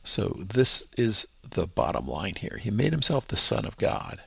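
A man's voice: fairly low pitch, wildly swooping pitch, measured pace, creaky, a bit bright, slightly rough, no room sound. A man who is a pastor and podcast host, reading scripture aloud and then explaining it in a conversational teaching style. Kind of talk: Bible study podcast teaching.

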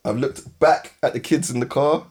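A man in his thirties with a London accent, hosting a podcast and telling an animated story with frequent laughs. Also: medium pitch, moderate pace, breathy edge. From West London. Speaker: podcast host. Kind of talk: casual storytelling chat.

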